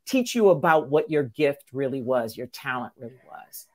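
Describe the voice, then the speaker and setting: A woman hosting a conversational interview, lively and familiar, encouraging her guest in a friendly back-and-forth. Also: a bass voice, normal speed. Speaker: podcast host.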